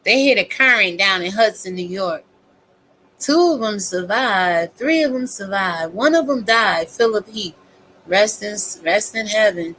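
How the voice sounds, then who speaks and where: A woman's voice: mid-range voice, animated, measured pace, a bit bright, a little hiss or hum, poor audio. A woman content creator ranting in a casual vlog, preaching with scripture and lots of cursing. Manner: profane, preachy and fiery; quotes scripture. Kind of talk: casual commentary vlog rant.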